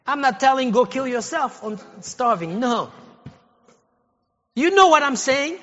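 A male pastor delivers a sermon in a loose, talky way and then climbs into forceful shouting. His voice sits very high and sounds sharp and bright. It rings through a reverberant church hall, and the recording is a little dull. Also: lively intonation, unhurried. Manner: conversational preaching, rising to shouted exhortation. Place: church sanctuary.

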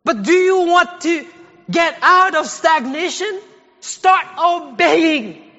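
A man preaching a sermon as a pastor, speaking in a casual, conversational way that builds to shouted exhortation. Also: extremely high pitch, lively intonation, slow pace, big-room sound, lo-fi sound. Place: church sanctuary.

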